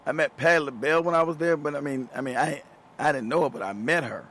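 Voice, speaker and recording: A man's voice: a little high, quick pace, a bit bright, a little hiss or hum. Profane, laughing man spinning stories. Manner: loose and profane, laughs through his stories, repeats words. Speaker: show host. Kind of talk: casual storytelling monologue.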